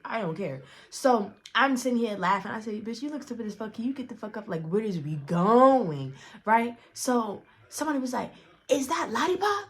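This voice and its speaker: A young woman telling a casual storytime to her viewers, blunt and profane, animated, with frequent restarts. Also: on the high side, normal speed. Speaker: storyteller vlogger.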